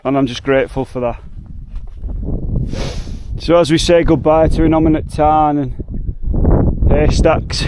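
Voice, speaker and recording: A man in his forties speaks slowly and reflectively with a slightly raised voice. He sounds heartfelt and chatty as he talks to the camera outdoors. Clear wind and outdoor noise sit behind him. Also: on the high side, fairly even intonation. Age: 40s. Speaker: hiking vlogger. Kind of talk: emotional hiking vlog. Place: outdoors in mountains by a lake.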